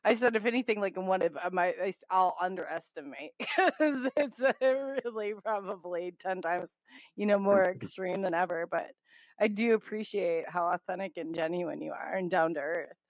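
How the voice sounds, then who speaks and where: A woman's voice: on the low side, moderate pace, no room sound. A woman hosting a radio show, chatting casually and enthusiastically, often stumbling over her words with fillers. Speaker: host. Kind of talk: casual radio interview chat. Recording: dry, dull lo-fi audio.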